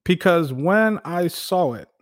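A man hosting a casual sports talk show, animated, laughing often and restarting his sentences. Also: sits high, slow. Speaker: podcast host.

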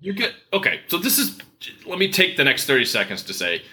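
Podcast co-host man: very bright tone, rambling, jokey, self-interrupting. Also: fairly high pitch, wildly swooping pitch, a little fast. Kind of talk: casual banter.

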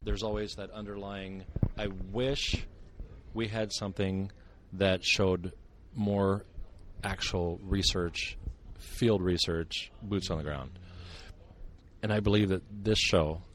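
A man's voice: low voice, slow, slight background noise. An older man from Montana, a guest author telling stories in a casual, joking podcast interview. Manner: joking, sarcastic, animated storyteller. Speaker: guest, author and Bigfoot researcher.

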